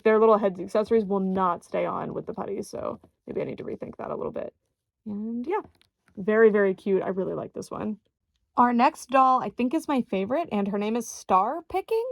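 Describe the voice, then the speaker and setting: A young woman chats eagerly through a doll review, piling on fillers and little laughs. Her voice carries a gravelly fry. The sound is dry and close to the mic. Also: medium pitch, lively intonation, brisk, no room sound. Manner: chatty, enthusiastic, frequent fillers and small laughs. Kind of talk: casual unboxing review.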